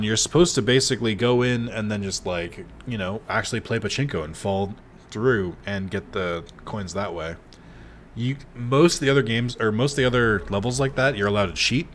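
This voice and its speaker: A man's voice: fairly low pitch, slight background noise. A man chatting casually while streaming a game, swearing freely and answering his chat. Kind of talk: casual gameplay commentary.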